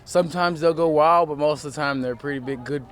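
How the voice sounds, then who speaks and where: A teenage high school football player answering questions in a relaxed way, rambling with lots of fillers, outdoors at a field. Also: male voice, fairly quick. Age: teens. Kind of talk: casual interview.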